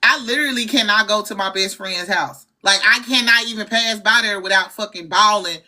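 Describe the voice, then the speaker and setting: A woman's voice: medium pitch, brisk, pushed and bright. A woman, talking candidly and emotionally on a livestream, with frequent swearing. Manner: candid, profane, heartfelt. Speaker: livestream guest.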